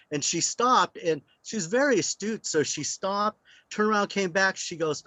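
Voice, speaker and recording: A man's voice: high voice, moderate pace, sharp tone, no room sound. An older man speaking as a guest, telling rambling anecdotes. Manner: rambling, anecdotal, with many fillers. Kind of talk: storytelling.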